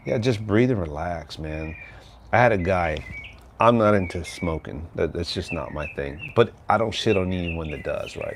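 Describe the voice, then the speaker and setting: Outdoors near his home, an older man from Texas runs a relaxed livestream, talking in a low-pitched voice with a little background noise. His chat meanders easily, and he repeatedly adds "right?" at the end of his thoughts.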